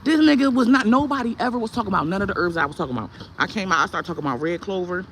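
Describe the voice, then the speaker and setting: A woman's voice: medium pitch, rapid-fire, slight background noise. A woman who sells herbal products, ranting on her vlog in a heated, blunt, profane way. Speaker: herbal products seller and content creator.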